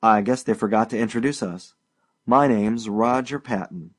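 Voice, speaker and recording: Narrator doing a polite professor guy, slow, measured, audiobook. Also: on the low side, natural voice. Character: calm, courteous male professor.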